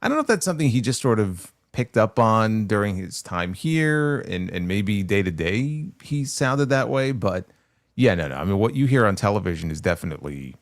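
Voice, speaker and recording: A man talks wrestling in a relaxed, halting way, circling back and restarting as he works through his point. His voice sits low. The mic is close and dry. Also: no room sound. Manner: hesitant, many fillers and restarts while explaining. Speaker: podcast co-host. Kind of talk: casual wrestling talk.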